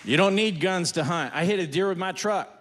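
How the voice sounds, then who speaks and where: A man works a stand-up set in a high, bright-pitched voice, rattling off folksy one-liners. His voice rings out in a long hall reverb. Faint noise sits under the recording. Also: a little fast, crowd noise. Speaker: stand-up comedian. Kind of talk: stand-up routine. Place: stage before a laughing audience.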